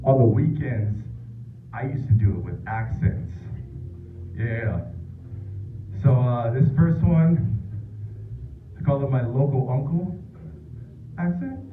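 A young man doing a stand-up comedy set, animated, crude and laughing at his own jokes. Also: medium pitch, slow pace, long pauses, distant mic, faint music behind. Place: bar or small club. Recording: tinny, roomy club recording from afar.

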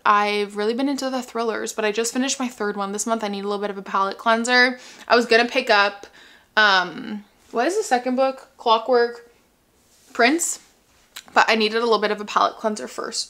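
A woman's voice: fairly high pitch, sharp tone. A young woman from Canada chatting casually in a home vlog, full of "like" and "um", a little out of breath. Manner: chatty, lots of fillers like "like" and "um". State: a bit out of breath. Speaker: vlogger.

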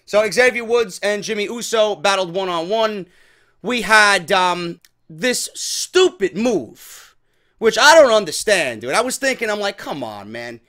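High-voiced, exasperated man ranting. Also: lively intonation, measured pace, a bit bright. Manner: exasperated, profane, mocking impressions. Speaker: wrestling show reviewer. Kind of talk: casual profane review rant.

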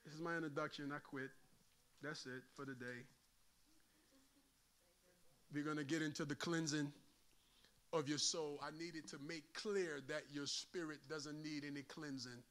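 A man preaching a sermon as pastor. He is folksy and humorous, and he moves in a sing-song cadence from shouted peaks to quiet asides. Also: on the high side, fairly even intonation, a little slow, pauses often.

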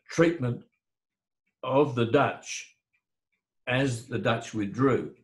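An older man, speaking at a middling pitch. He talks haltingly and doubles back on his words as he lays out history, and his voice rings a little in a roomy space. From Australia. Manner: halting, repeats words while thinking aloud. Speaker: author and lawyer. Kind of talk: discussing history at a book talk. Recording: roomy echo.

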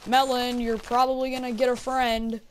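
A chatty woman giving casual gameplay commentary with a fairly high voice. She talks to the animals around her and breaks into frequent exclamations. A faint hiss sits under her voice. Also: little pitch movement, normal speed. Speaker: gaming video creator.

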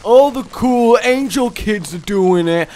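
A man's voice: high voice, lively intonation, slow, darkish tone, pitched above the performer's own voice. A man voicing a petulant young demon boy who whines at his parents. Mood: whiny. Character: whiny rebellious demon kid, young boy.

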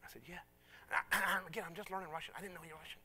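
A man's voice: high-pitched, very fast, husky. A middle-aged man preaching a sermon, telling stories with self-mocking humor and acting out the people in them. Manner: animated, self-mocking, acts out voices in stories. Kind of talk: sermon with storytelling.

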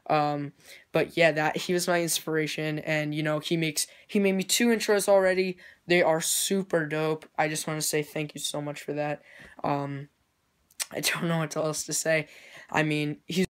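A young man, a video creator, casually thanking his inspirations, rambling and hesitant with lots of fillers but excitable and enthusiastic. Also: a little high, normal speed, clean tone. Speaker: YouTube intro creator. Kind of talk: casual vlog thank-you talk.

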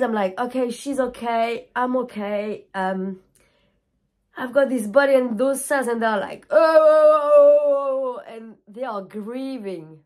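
A woman yoga teacher talks candidly to her viewers at a slow, unhurried pace. Her speech is frank and loose, with swearing, and she loses her thread now and then. She is emotional and openly tearful at times. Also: on the high side, a little mellow. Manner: scattered, frank, swears freely. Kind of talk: candid personal video talk.

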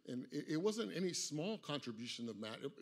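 A man preaching a funeral sermon in a church, swinging from loud, dramatic retellings to soft, low words for the grieving family. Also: big pitch swings, a little fast. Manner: impassioned, rising loud for quoted voices, dropping soft and low for the grieving. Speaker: pastor.

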